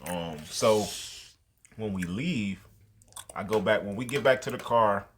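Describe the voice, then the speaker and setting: A man's voice: fairly low pitch, measured pace, slight background noise. A man hosting a podcast, telling a story in a laid-back, slangy way with plenty of fillers. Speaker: podcast host. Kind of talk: casual storytelling chat.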